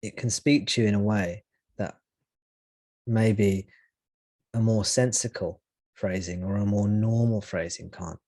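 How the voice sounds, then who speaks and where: A man with a low, steady voice leads a spiritual satsang over a call, thinking aloud as he goes. His phrasing is reflective and he often restarts a sentence mid-thought. The sound is close and dry, with no room around it. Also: unhurried, long pauses, no echo. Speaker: spiritual teacher. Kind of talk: live satsang talk.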